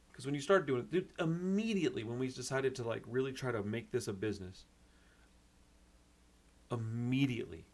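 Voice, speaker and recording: A man with a mid-range voice hosts a punk rock channel, venting while upset. His talk is rambling and casual, packed with "dude" and "bro."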